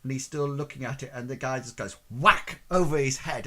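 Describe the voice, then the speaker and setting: Guy gm-ing a tabletop game, rambly, lots of sort of like, middle pitch. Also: a little fast, pushed and bright. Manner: rambling, full of "sort of, like" fillers. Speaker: game master.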